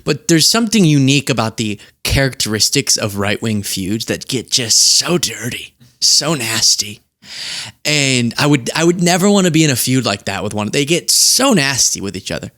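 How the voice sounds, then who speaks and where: A man hosting casual political commentary, sarcastic and quick to laugh. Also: medium pitch, very animated, sharp tone, no room sound, studio quality. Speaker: host.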